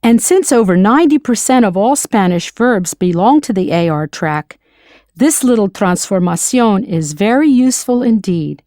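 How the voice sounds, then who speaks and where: A woman teaching a scripted audio language lesson, slowly modeling foreign words and spelling them out letter by letter. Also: medium pitch, animated, warm tone, dry recording, studio quality.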